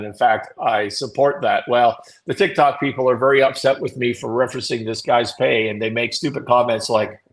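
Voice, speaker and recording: A man's voice: mid-range voice, fairly bright tone, low-quality recording. Wry, opinionated man hosting a show. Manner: wry, amused, opinionated; laughs at his own points; mocking emphatic read-outs of quoted rants. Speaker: host of a live business talk show. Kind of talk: live solo commentary.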